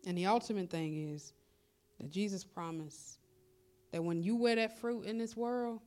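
A woman's voice: mid-range voice, normal speed, a little mellow. A woman pastor preaching a sermon in a conversational, colloquial style, repeating her exhortations.

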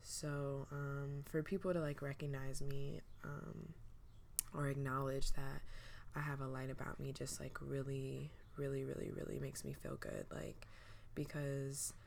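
A young woman speaks in a sleepy, low voice with a gravelly fry, almost a little manly. She hosts her podcast alone and talks slowly through her thoughts, hesitant and reflective, stopping often to restart. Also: little pitch movement, darkish tone, a little hiss or hum. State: sleepy, just woke up. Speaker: podcast host. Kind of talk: casual solo podcast monologue.

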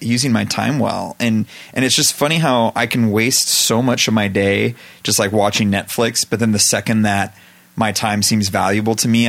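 A man's voice: fairly low pitch, gravelly, fairly bright tone. A man who is a podcast guest, telling self-mocking stories in casual chat, with lots of fillers and laughter.

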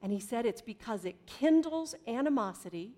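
A woman's voice: fairly high pitch, animated, warm tone. Woman preaching a conversational sermon. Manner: conversational preaching with dramatic pauses and shifts in volume. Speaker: pastor.

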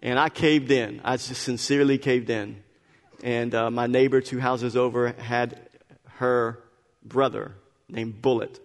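A male pastor preaching a sermon, telling a personal story with animated swings between quiet confession and loud exclamation. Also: medium pitch, a little slow. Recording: echoey hall.

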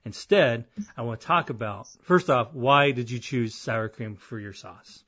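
A man's voice: mid-range voice, expressive, a little slow, a bit bright, no room sound. A man hosting a podcast in casual chat, telling stories in a rambling, self-deprecating way. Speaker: podcast host.

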